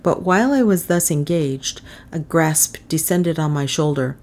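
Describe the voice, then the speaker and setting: A woman reading a classic novel aloud as an audiobook narrator, in a measured, even storytelling manner. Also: sits low.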